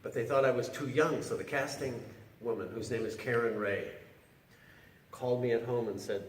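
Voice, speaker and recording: A man's voice: medium pitch, steady tone, a little hiss or hum. Man telling stories on a convention stage. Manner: chatty, halting with restarts and laughs. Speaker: actor guest on a convention panel. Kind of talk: relaxed anecdotal storytelling. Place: large convention hall panel stage. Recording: roomy hall audio taped from far off.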